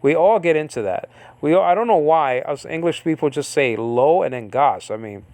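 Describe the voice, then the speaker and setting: A man with a slightly high voice gives an informal Bible-study lesson, wandering between points and leaning on fillers. He keeps checking in with "okay?" as he goes. The sound is dry and close, with no room around it. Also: lively intonation, moderate pace, a little mellow, dry recording. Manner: rambling, filler-heavy, keeps asking "okay?". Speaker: Bible teacher.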